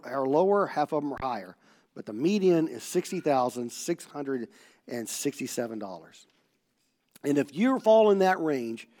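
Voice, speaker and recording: Animated storytelling preacher, a man. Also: a little high. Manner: storytelling, acts out dialogue, swings from loud animated to hushed. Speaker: pastor. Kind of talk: sermon.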